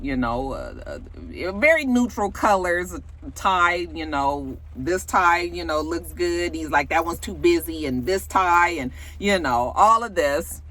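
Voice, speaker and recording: A woman's voice: sits low, a bit bright. A young adult woman giving a blunt, gossipy recap of a reality show, full of asides and swearing. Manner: sassy, blunt, gossipy, with frequent asides and profanity. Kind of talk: casual recap commentary.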